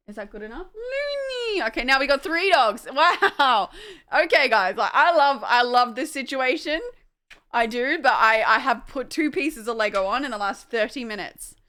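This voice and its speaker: A woman's voice: on the high side, bright, forceful tone. A young woman casually chatting on a livestream at home, distracted by her dogs, swearing and laughing.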